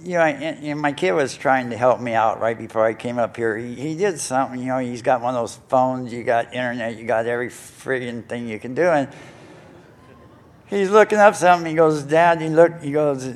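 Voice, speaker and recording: A man's voice: mid-range voice, fairly quick. An older man speaking at a recovery conference, telling his own story in a rambling, self-mocking way with many fillers. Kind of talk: personal story talk to an audience. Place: conference hall stage.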